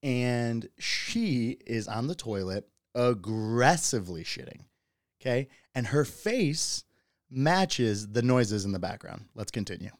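A man's voice: medium pitch, lively intonation, slow, no room sound, studio quality. A man hosting a podcast, telling stories in a loose, profane way and often breaking into laughter. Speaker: podcast host. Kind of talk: casual solo podcast monologue.

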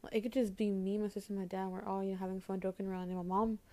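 A young woman venting to camera about her home life, halting and repeating herself as she holds back tears. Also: medium pitch, level tone, darkish tone. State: upset, holding back tears. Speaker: vlogger. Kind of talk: emotional personal vent to camera.

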